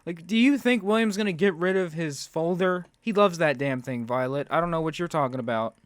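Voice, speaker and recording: A man hosts a reaction video, ranting sarcastically at what he watches and mocking it with put-on quotes. His voice is fairly high and a little fast, with no echo.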